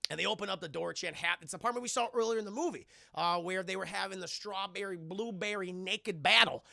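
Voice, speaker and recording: Gravelly high-voiced man recapping a movie. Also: fast talker, no echo, clean studio sound. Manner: profane, animated, acts out characters' lines. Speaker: streamer and film reviewer. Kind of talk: casual livestream movie recap to chat.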